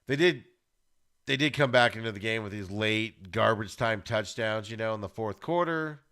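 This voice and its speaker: A man hosting a podcast, giving an animated, ranting football recap with plenty of exclamations. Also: lowish voice, normal speed. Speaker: podcast host.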